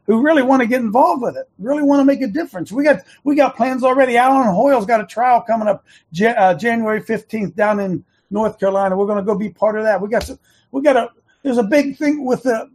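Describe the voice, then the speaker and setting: A man hosting a talk show, speaking in an earnest, casual monologue that builds into fervent shouting, wearing earbuds. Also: extremely high pitch, fairly quick. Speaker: show host.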